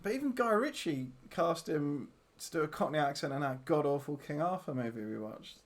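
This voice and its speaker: A man's voice: on the high side, expressive, a little fast. Joking man hosting. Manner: joking, laughs often. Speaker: podcast host. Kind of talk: casual film chat.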